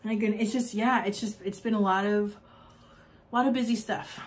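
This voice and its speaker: A woman's voice: medium pitch, fairly even intonation, fairly quick. A young adult woman giving a spiritual oracle card reading, talking in an effusive, rambling way with many fillers and frequent laughs.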